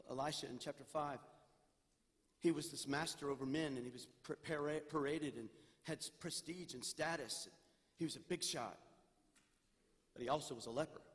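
A senior pastor preaching a sermon, moving from loud pleading to quiet storytelling. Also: male voice, fairly high pitch, breathy edge. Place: church sanctuary. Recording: long church reverb.

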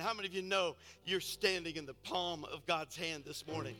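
A man's voice: on the high side, normal speed, few pauses, faint music behind. A man preaching a sermon as pastor, telling a story with fervent delivery. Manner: storytelling, building to loud preaching; soft and intimate in storytelling, loud and fervent in exhortation.

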